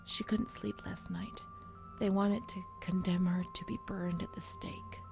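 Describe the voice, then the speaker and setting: Whispered role-play, a haunted young girl, low gravelly voice, music under it. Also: steady tone, unhurried. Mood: uneasy whisper. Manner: hushed, unsettled murmuring. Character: haunted young woman recalling asylum records.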